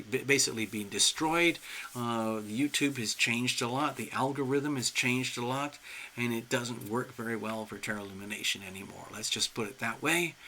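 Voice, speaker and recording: A man hosting a live-stream tarot reading, chatty and excitable, talking straight to viewers and clients. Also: medium pitch, a little hiss or hum. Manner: chatty, excitable, laughs often. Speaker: tarot reader, channel host.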